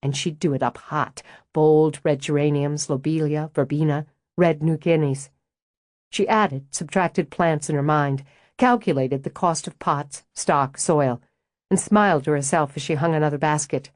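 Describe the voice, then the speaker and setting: A woman narrating an audiobook in an even, measured reading on a close studio mic. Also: low-pitched, no echo.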